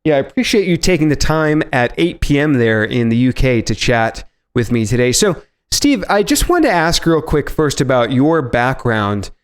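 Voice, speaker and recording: A man's voice: medium pitch, very animated, normal speed, few pauses, smooth. A man hosting a marketing podcast, introducing his guest in a chatty, self-mocking way with some fillers. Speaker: podcast host.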